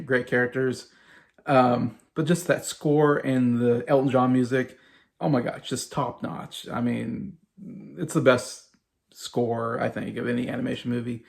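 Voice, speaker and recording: A man with a creaky, mid-range voice hosts his own YouTube video ranking movies. It's a casual chat where he rambles with lots of fillers, gushing enthusiastically.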